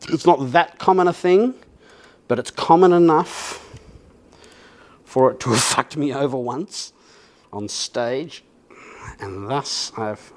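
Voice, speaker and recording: A man with an Australian accent chatting casually and rambling as he restrings a guitar, self-mocking and swearing now and then. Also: medium pitch. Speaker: vlogger.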